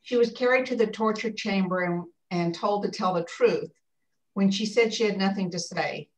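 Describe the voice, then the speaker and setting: A woman reading a text aloud for her class over a video call, steady with brief slips. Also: mid-range voice, normal speed, recorded from a distance, poor audio.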